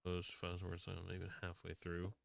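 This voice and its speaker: A man's voice: sits low, monotone, normal speed, vocal fry, slight background noise. A man with a Southern US drawl, chatting casually on a live game stream, rambling and reading viewers' comments aloud. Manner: rambling, restarts often, reads chat aloud. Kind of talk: casual live-stream chat while playing.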